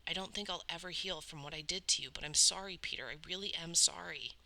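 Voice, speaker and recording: A woman reading aloud and voicing a remorseful teenage boy who speaks earnestly and quietly. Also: on the low side, fast, creaky, exaggerated voice, poor audio.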